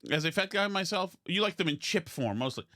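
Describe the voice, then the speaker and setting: A man's voice: sits high, lively intonation, fairly quick, sharp tone, no echo, studio quality. A man hosting a podcast, rambling and self-deprecating in casual comedic chat, full of restarts. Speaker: podcast host.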